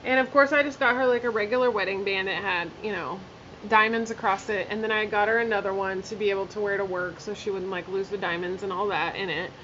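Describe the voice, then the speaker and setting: A woman's voice: mid-range voice, fairly even intonation, quick pace, sharp tone, dull audio, a little hiss or hum. A woman telling a personal story in a casual vlog while doing her makeup, chatty and candid, full of fillers and blunt swearing. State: emotional, near tears. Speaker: vlogger.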